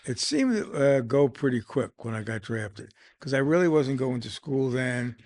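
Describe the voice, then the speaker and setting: An older man from Brooklyn, New York, a guest telling his own story in a casual interview, plain-spoken and a little halting. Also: mid-range voice, animated, gravelly, a little mellow, no echo. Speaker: guest, Vietnam veteran.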